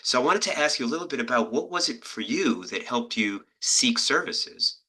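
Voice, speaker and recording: A man moderating a webinar panel, courteous and halting as he frames questions. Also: mid-range voice, expressive, bright, forceful tone, husky, poor audio. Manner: halting, many fillers and restarts, courteous.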